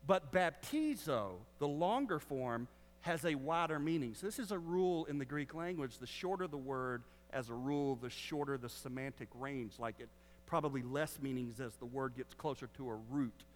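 Joking Baptist preacher in an echoey hall. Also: male voice, medium pitch, normal speed, slight background noise. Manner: joking teaching asides. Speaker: Baptist pastor. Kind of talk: sermon. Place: church sanctuary. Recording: long hall reverb.

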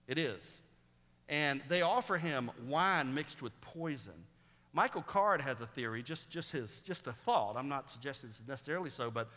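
Preaching man, bright voice in a hall. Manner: preaching that rises loud and high on quoted scripture. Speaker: pastor. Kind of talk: sermon.

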